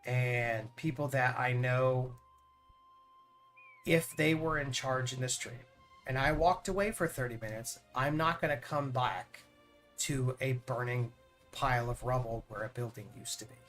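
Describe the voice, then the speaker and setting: A man's voice: medium pitch, unhurried, a bit bright, soft background music. A man chatting on his live stream in an earnest, rambling way, often repeating words as he starts a thought. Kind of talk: casual chat on a live stream.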